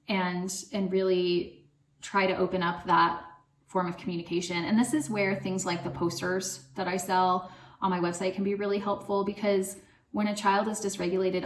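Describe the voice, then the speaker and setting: A woman speaking as a parenting coach, giving casual advice in a loose, chatty way full of fillers. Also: medium pitch. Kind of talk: casual advice talk to camera. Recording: echoey room.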